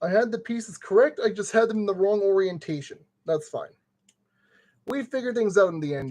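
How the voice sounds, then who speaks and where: A man's voice: high voice, normal speed, darkish tone. A man streaming casually and talking himself through a brick-kit build step by step. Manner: chatty, talks himself through each step.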